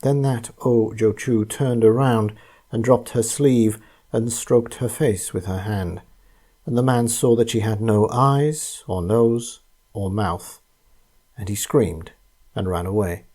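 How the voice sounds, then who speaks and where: A man reading a ghost story aloud in a calm, measured scripted narration. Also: lowish voice, breathy edge.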